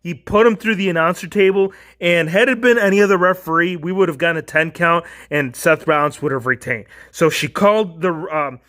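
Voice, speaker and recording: A man talks through wrestling results in a loose, joking ramble, his voice sitting a little high for a man. He drifts between points and tosses in quick mock voices along the way. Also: pushed and bright. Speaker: wrestling reviewer. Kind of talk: casual review commentary.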